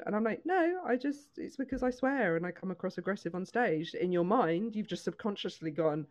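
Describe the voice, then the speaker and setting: A woman's voice: mid-range voice, lively intonation. Blunt, swearing woman comedian. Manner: blunt, swears freely, quick laughs. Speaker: comedian and podcast host. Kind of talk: casual chat.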